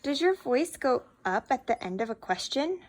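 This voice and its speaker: A woman's voice: high-pitched, very animated, moderate pace. A woman teacher giving a patient, encouraging one-on-one reading lesson to a child.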